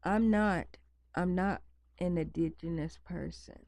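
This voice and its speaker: Slow, gravelly-voiced woman chatting at home. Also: on the low side, darkish tone, dry recording. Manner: rambling, repeats herself for emphasis. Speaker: vlogger. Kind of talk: casual chat to camera. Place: home at night, near pets.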